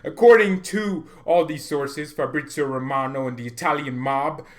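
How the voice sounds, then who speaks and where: Fired-up football fan guy ranting on his channel, loud and jokey, middle pitch. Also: normal speed. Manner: swings from mock-romantic murmur to loud excited ranting; playful and exaggerated, jumps into comic voices. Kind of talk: animated fan rant.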